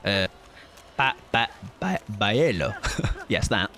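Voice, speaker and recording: A man's voice: mid-range voice, big pitch swings, moderate pace, a bit bright, faint music behind. A young English man chatting casually with his viewers while playing a game on a livestream. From England. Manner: chatty, jokey, reads chat aloud while playing. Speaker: streamer. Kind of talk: casual gaming livestream chat.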